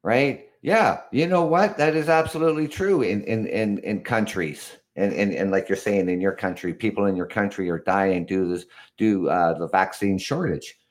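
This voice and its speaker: Speaking at a normal speed with hardly any pauses, a lowish-voiced man in his fifties from Canada hosts a casual live podcast. He rambles, restarts, chuckles often and sounds exasperated.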